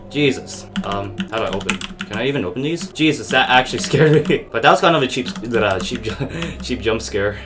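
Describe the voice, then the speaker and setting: A man's voice: mid-range voice, expressive, normal speed, noisy background. A man giving gameplay commentary on a horror game, jumpy and swearing, talking back to the game. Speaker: gaming YouTuber. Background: game music.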